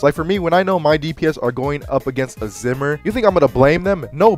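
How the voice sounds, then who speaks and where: Male creator, mid pitch, fast and profane, venting bluntly. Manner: blunt, exasperated, swears a lot. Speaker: gaming video creator. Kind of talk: profane ranting monologue.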